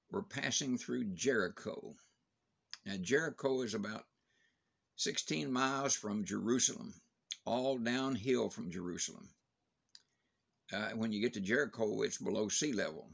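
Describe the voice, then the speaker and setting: A man's voice: mid-range voice, vocal fry, slightly rough, lo-fi sound. An older man giving a daily Bible devotion in a plain, conversational way, with fillers and restarts.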